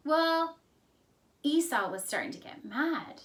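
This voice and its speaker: A woman Sunday school teacher narrating a Bible story in an expressive, storytelling way. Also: medium pitch, a little slow, recorded from a distance.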